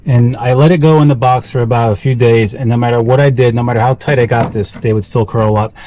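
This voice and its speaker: Short-of-breath man, casual gear vlogger, mellow and dark in tone, loose and self-correcting. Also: medium pitch, steady tone, quick pace, slight background noise, rough recording. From South Carolina. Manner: rambling, self-correcting, talks while working with his hands. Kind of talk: casual how-to vlog.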